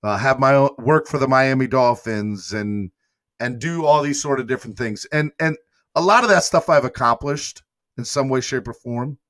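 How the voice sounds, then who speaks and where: At medium pitch and normal speed, a man with a slightly bright voice hosts a live fan morning show. Emotional and rambling, he thanks viewers and reads their comments in a casual stream, captured in studio quality with no room sound.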